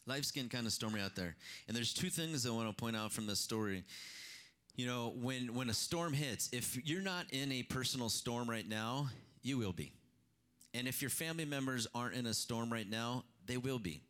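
Male pastor delivering a sermon; impassioned, swings in pitch and volume, repeats phrases for emphasis. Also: lively intonation, moderate pace. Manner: impassioned preaching with sudden rises and drops in pitch and loudness.

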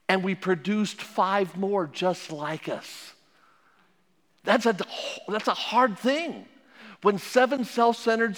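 A man preaching a sermon as pastor, emphatic, swinging between loud and hushed. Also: sits high, long reverb tail.

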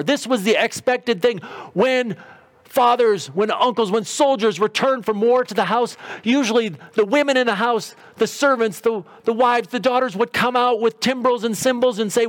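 A middle-aged man preaching a sermon in a conversational storytelling way, briefly acting out quotes. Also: extremely high pitch. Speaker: pastor.

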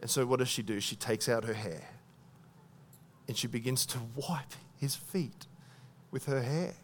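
A man preaching a sermon, retelling a story with lively voiced thoughts and dropping soft at the moving parts. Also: mid-range voice, a little slow, slight background noise.

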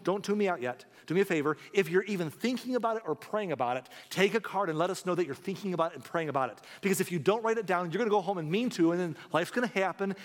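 A man preaching a sermon as pastor, making an earnest, pleading appeal to his congregation. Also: high voice. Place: church sanctuary. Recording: long hall reverb.

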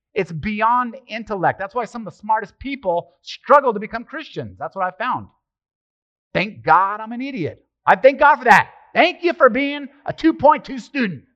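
A middle-aged man preaching a casual, conversational sermon as pastor, animated and joking, throwing rhetorical questions at the congregation. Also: high-pitched. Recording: slightly muffled, dry sermon recording.

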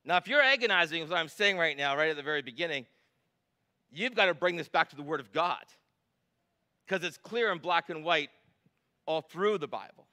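A middle-aged man preaches with a notably high, bright and forceful voice. He drives his points home with emphatic repetition and rhetorical questions, passionate but in control. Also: animated, brisk, long pauses. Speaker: pastor. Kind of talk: sermon.

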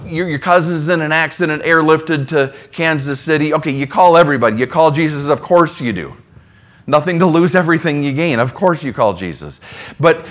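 A man preaching a sermon in a conversational way, dropping into soft low asides between emphatic lines. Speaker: pastor.

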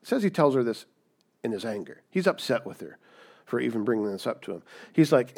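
A middle-aged man preaching a sermon with plenty of energy. His voice swings from hushed, low asides up to loud, high emphatic lines. He keeps throwing questions back at his listeners. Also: big pitch swings, a little fast. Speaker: pastor.

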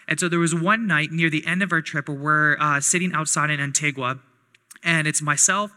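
Bright-voiced young man preaching in a hall. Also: on the high side, fairly even intonation, normal speed. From Canada. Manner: conversational storytelling, acts out quoted voices. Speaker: pastor. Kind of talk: sermon with personal story.

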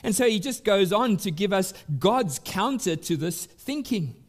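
A man pastor preaching a sermon at a church service, emphatic and deliberate, swinging up in pitch and volume to press his points. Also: animated.

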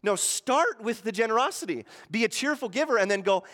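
Brief: fairly high-voiced man in his thirties, pastor giving a relaxed, conversational sermon with acted-out asides, recorded in a church with a long reverb tail. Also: a little fast, few pauses. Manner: conversational, asks the room "right?" often; acts out quoted voices with sudden shifts in pitch and loudness.

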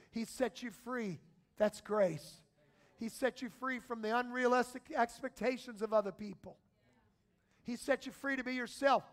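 Preaching from the pulpit, this man has a very high voice. His sermon swings between soft, unhurried stretches and loud calls out to the congregation.

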